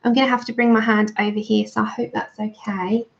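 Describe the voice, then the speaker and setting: Chatty woman, gravelly lo-fi. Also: on the high side, level tone, brisk, slight background noise. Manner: chatty, thanks viewers warmly by name. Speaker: livestream colouring host. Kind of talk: casual livestream chat while colouring. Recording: dull lo-fi stream audio.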